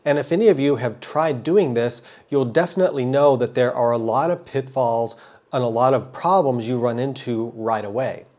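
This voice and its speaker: A man's voice: medium pitch, normal speed, a little mellow. A man with a cold, hosting his own motorcycle vlog and giving a friendly, thorough explanation of how he films, often doubling words for stress. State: has a cold. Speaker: motorcycle vlogger. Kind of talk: casual explanatory vlog talk.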